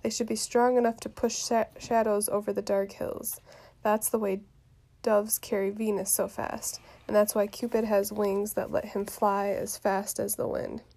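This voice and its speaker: A woman reading the part of an impatient lovesick teenage girl aloud from a play, quiet and soft with some words whispered. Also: mid-range voice, level tone, normal speed, lightly acted. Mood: eager.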